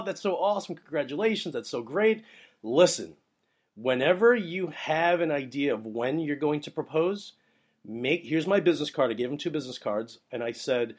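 A young adult man hosting a show, telling a rambling casual story and giving advice, with many fillers and excitable bursts. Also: mid-range voice, husky. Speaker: wedding photographer, podcast host.

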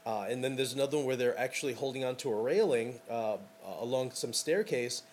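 Man, podcast host, wedding photographer, casual monologue, enthusiastic, rambling, mid-pitched voice. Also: a little fast, darkish tone, a little hiss or hum. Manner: rambling and enthusiastic, many fillers.

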